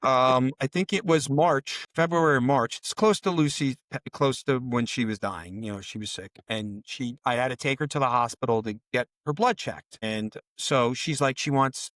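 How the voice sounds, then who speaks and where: A man's voice: medium pitch, normal speed, few pauses, a bit bright, no echo. A middle-aged man, a bereaved father, telling stories in an emotional interview; he talks in a rambling, heated, profane way. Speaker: bereaved father and podcast guest.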